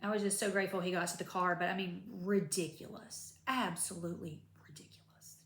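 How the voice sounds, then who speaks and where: Speaking at a racing pace in a lowish voice, this vlogger talks to camera about her post-surgery recovery. She's chatty and animated, wandering off into many asides, and the recording sounds roomy.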